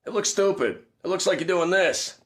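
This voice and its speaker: A woman's voice: fairly low pitch, moderate pace, fairly bright tone, voice pushed down, close to an everyday voice. A woman voicing a rude, hot-headed male shark puppet with a Boston accent, in a comedy puppet skit. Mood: hostile. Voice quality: gruff, swearing. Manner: combative, short-tempered.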